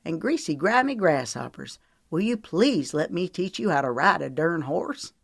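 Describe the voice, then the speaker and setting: A woman's voice: on the low side, animated, a little slow, vocal fry, no echo, studio quality. A woman voicing an affectionate young man in a romance audiobook, with light, playful teasing.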